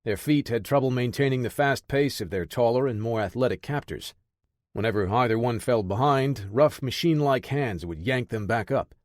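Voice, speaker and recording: A man's voice: medium pitch, normal speed, a little mellow, no echo, studio quality. Man narrating a military thriller. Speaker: audiobook narrator. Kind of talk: scripted audiobook narration.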